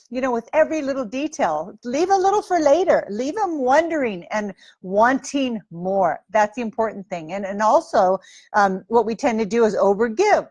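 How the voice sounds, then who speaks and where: A woman's voice: a little high, sing-song, moderate pace, darkish tone, husky, no room sound. A woman dating coach giving advice straight to camera in a breezy, playful way, acting out sample lines.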